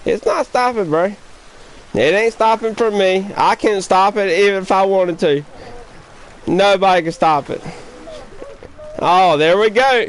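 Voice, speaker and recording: A man with a notably high voice, streaming a game live and trash-talking other players. He taunts and curses in a confrontational rant, hammering the same jabs again and again. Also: unhurried, pauses often, slight background noise. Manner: taunting, profane, confrontational ranting; repeats his jabs over and over.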